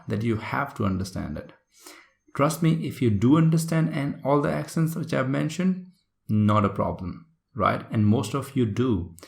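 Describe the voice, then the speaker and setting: A man's voice: mid-range voice, gravelly, roomy sound. A man, teaching an exam-prep lesson and checking in often with "right?" and "okay?". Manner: explains with frequent "right?" and "okay?" check-ins. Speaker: IELTS trainer. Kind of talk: online lesson.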